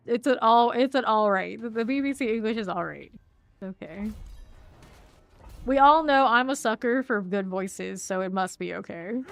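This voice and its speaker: A woman's voice: medium pitch, gravelly. A woman with a mild Southern American accent, streaming a game and chatting casually with viewers, teasing and laughing often as she plays. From Southern United States. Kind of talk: casual gameplay commentary.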